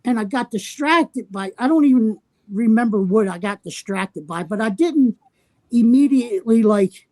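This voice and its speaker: A man on a podcast telling a story in a casual way. He swears constantly and sounds brash and animated. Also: high-pitched, normal speed, dry recording. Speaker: podcast regular.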